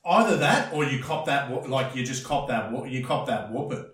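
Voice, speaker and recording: Aussie bloke, ex bouncer, crude blunt stories, sounds a bit far from the mic, roomy echo. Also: male voice, mid-range voice, animated, normal speed, a bit bright. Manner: blunt, crude, acts out quoted voices. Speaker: podcast guest, former bouncer. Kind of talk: casual storytelling chat. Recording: echoey room, a bit off-mic.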